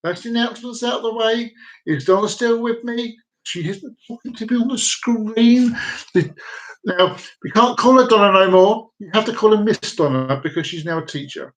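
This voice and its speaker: A man's voice: high voice, normal speed, low-quality recording. A man hosting a casual live stream at home, telling bad jokes in a rambling, repetitive way. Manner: jokey, rambling, repeats himself. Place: downstairs room at home with dogs.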